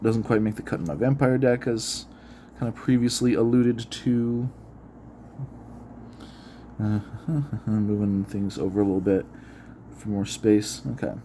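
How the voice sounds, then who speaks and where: A man in an easygoing, unscripted monologue, reading card text aloud and then musing over it, laughing now and then. His voice sits at an ordinary middle pitch. A faint hiss runs under the recording. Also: unhurried, pauses often, mellow. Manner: chatty, reads card text aloud and muses, laughs often. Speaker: card-opening video host. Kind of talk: unedited casual commentary.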